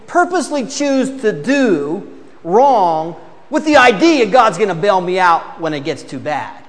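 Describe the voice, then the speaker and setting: A man's voice: high voice, fairly bright tone, big-room sound. A man preaching a sermon, asking the congregation to read aloud and acting out excuses in mock voices.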